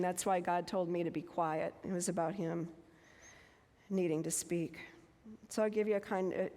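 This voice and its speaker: A woman in her fifties giving a church talk with personal stories, speaking slowly and deliberately with homely asides. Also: lowish voice, a little mellow. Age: 50s. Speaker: guest speaker. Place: church sanctuary. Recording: long reverb of a church hall.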